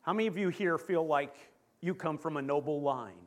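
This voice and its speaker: A pastor with a Canadian accent preaching a lively sermon, asking the congregation questions and slowing down to stress key phrases. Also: male voice, a little high.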